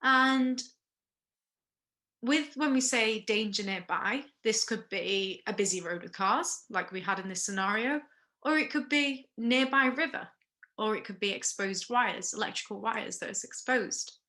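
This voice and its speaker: A woman runs a first aid lesson with a bright, clear voice and a middling pitch. She explains each step in turn and stops to put questions to the class, checking in with frequent okays. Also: measured pace. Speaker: first aid workshop instructor.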